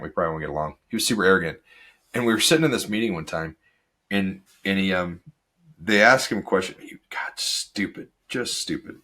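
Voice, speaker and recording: A man's voice: low-pitched, pushed and bright. A man hosting a solo podcast, talking energetically and rambling off on tangents. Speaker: podcast host.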